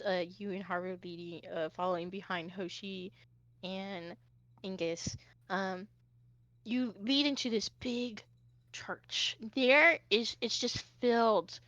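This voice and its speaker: A woman's voice: medium pitch, a bit bright, no echo. A woman narrating a tabletop game as game master, casual and full of fillers. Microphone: streaming mic.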